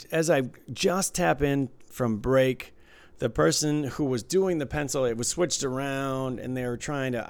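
A man telling a lively work story in casual chat, acting out the people he quotes. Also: mid-range voice, dry recording. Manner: animated storyteller, acts out quotes loudly. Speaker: casino dealer telling a story.

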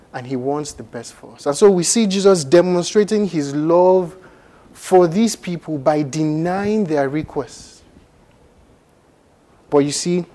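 A man's voice: on the high side, a little mellow. Earnest Nigerian man preaching a sermon. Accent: Nigerian English. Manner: earnest, conversational, builds to emphatic rises.

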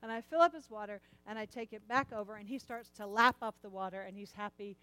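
A middle-aged woman telling a personal story in a sermon, animated and repeating words as she acts out lines. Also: medium pitch, fast talker, smooth, no echo, rough recording.

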